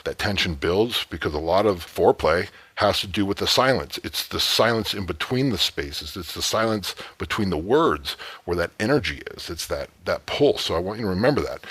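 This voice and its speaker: A man giving a dating lesson, talking slowly and suggestively and often dropping to a hushed murmur. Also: low-pitched, husky, dry recording. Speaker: dating coach. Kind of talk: instructional talk with acted example lines.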